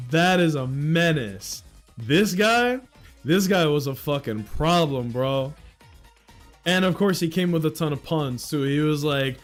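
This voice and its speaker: Excitable young man streaming, fairly high voice. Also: takes it slowly, long pauses, soft background music. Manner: excitable, swearing, with sudden loud outbursts and laughs. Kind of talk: casual livestream chat.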